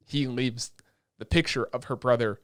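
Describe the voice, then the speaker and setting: A man co-hosting a casual anime podcast, excitable and profane, retelling scenes with animated energy. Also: medium pitch, normal speed, clean tone, no echo, clean studio sound. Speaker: podcast co-host.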